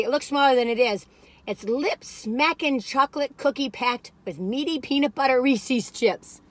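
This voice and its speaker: Gushing woman, high bright voice. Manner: gushing, rambling, exclamatory. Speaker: food reviewer. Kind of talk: casual chat while taste-testing.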